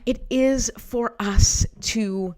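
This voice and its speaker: A woman's voice: on the high side, drawn-out words, a little mellow. A woman hosting a motivational talk, encouraging and personal, often checking in with the listener. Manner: encouraging, repeats "right?" to the listener. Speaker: host.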